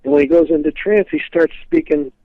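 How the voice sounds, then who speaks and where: In a fairly high voice and at a fairly quick clip, a guest expert on a historical psychic rambles through storytelling answers in an interview. He keeps saying "you know" and restarting, and the phone line sounds tinny and dry, with no room sound.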